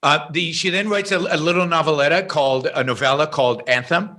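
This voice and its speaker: Bright-voiced man telling a story emphatically. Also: fairly high pitch, brisk. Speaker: podcast guest. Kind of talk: storytelling in a podcast interview.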